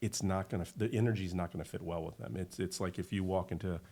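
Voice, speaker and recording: A middle-aged man, a winery owner, talking as a guest in a casual podcast conversation, an animated and emphatic storyteller. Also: deep voice, quick pace, gravelly.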